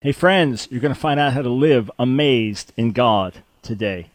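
A man's voice: mid-range voice, moderate pace, over loud music. Earnest male Christian radio host. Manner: earnest, preacherly, repeats words when starting.

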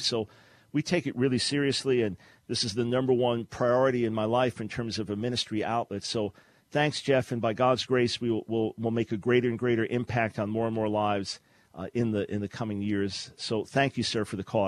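A man's voice: mid-range voice, no echo. A middle-aged man hosting a call-in radio talk show, speaking earnestly in a preaching, teaching manner and often restarting his words.

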